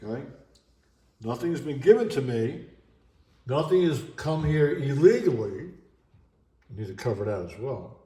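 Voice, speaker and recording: A middle-aged man talking in a halting, emotional way in an unscripted vlog monologue at home. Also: mid-range voice, lively intonation, mellow, reverberant. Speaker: vlogger.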